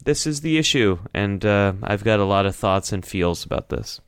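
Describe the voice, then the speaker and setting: A man's voice: on the low side, expressive, moderate pace, clear, resonant tone, no echo, studio quality. A man from the United States hosting a casual podcast discussion, talking candidly and reflectively and laughing wryly at himself. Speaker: podcast host.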